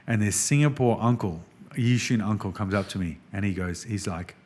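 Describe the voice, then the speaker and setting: An Australian man guesting on a podcast, telling business stories in a casual, animated way and often saying "man". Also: fairly low pitch, moderate pace. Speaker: restaurant executive guest.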